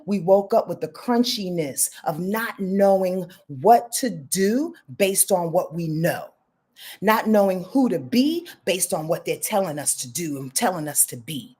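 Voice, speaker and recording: A woman hosting a live astrology reading, talking casually and profanely with emphatic repetition, sometimes sinking to a hushed whisper. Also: lowish voice, slightly rough. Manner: drops to a hushed whisper at times. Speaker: astrology show host.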